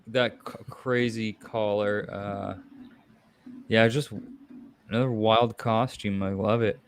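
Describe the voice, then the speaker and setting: A man's voice: on the low side, fairly even intonation, takes it slowly, gravelly, a little hiss or hum. A man hosting a casual movie chat, rambling with lots of fillers and restarts. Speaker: podcast host.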